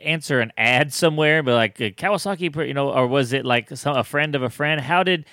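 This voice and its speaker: A man's voice: medium pitch, a little fast, sharp tone, clear, resonant tone, dry recording. Joking man co-hosting, dry sound. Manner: joking, teasing. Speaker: podcast co-host. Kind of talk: casual chat.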